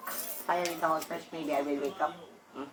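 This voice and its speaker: A woman vlogging in a casual, rambling chat to her viewers. She sounds sleepy, coughs now and then, keeps her voice deliberately low, and talks haltingly with frequent laughs and restarts. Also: fairly even intonation, crowd noise, poor audio.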